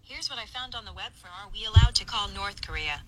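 A woman's voice: medium pitch, fairly quick, slight background noise, lightly acted, rough recording. A synthetic woman's voice of a phone voice assistant, answering politely through a phone speaker. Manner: polite, even synthetic phrasing.

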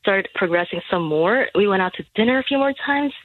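A woman phoning in to a radio show, hesitant and halting, often restarting her sentences. Her voice comes through a thin, tinny phone line. The sound is dry and close, with no room around it. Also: mid-range voice, expressive, no room sound. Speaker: radio caller. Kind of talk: phone-in chat. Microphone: telephone.

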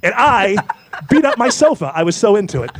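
A man, hosting a talk show and telling animated, self-mocking stories. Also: sits high, fairly quick. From Memphis, US South. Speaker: radio show host. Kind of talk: casual talk show banter.

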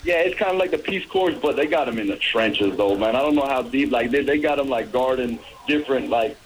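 Laid-back young man, relaxed chat. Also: mid-range voice, fairly quick, a little hiss or hum, low-quality recording. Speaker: guest. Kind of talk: casual chat.

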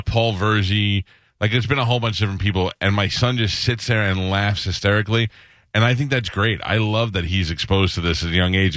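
Low-voiced relaxed radio host man. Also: no echo, studio quality. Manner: relaxed, chatty, quick asides. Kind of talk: casual radio interview.

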